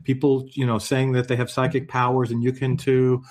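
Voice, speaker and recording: A man's voice: mid-range voice, monotone, a little fast, darkish tone. A man co-hosting a podcast in casual chat, making wry, sarcastic asides. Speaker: podcast co-host.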